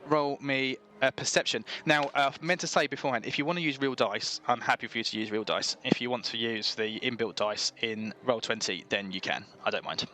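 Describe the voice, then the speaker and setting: Bright-voiced man running a tabletop game. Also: mid-range voice, a little fast, few pauses, a little hiss or hum. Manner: relaxed, many ums, explains rules patiently. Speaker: dungeon master.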